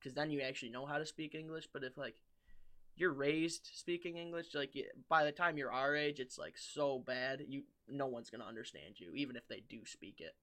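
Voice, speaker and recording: A young American man co-hosting a casual podcast, joking loudly and teasing in mock accents. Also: mid-range voice, a little fast. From United States. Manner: loud joking banter, mock British voices. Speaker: podcast co-host.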